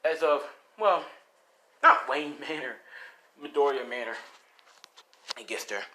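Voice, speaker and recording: A man's voice: fairly high pitch, measured pace, bright, forceful tone. A young man casually improvising a story, rambling with lots of "like" and "you know".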